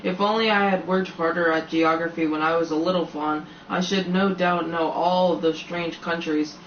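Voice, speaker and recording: A man's voice: a little high, fairly even intonation, moderate pace, fairly bright tone, a little hiss or hum. A man voicing a courteous, shy, slightly melancholy male faun in a storybook, with fussy, formal, old-fashioned politeness. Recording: roomy, slightly dull home recording.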